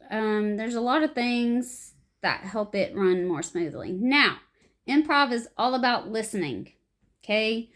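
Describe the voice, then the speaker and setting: Lively woman teaching improv basics. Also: a little high. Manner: animated, acts out short example lines. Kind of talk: explaining improv to beginners.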